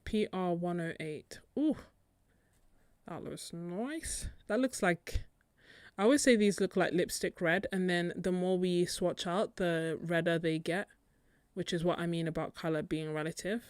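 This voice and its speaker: A young British woman with a fairly low voice talks casually through a live stream. She laughs often and thinks aloud. The sound is close and dry, with no room around it. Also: measured pace, a little mellow, dry recording. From Britain. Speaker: art channel host. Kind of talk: casual live-stream chat while swatching paints.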